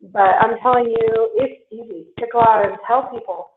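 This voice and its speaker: A woman's voice: fairly high pitch, normal speed. Middle-aged woman, earnest heartfelt testimonial, echoey room over a tinny line. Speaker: guest giving a testimonial. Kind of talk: personal testimonial to an audience. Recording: roomy, tinny phone-like stream, faint noise.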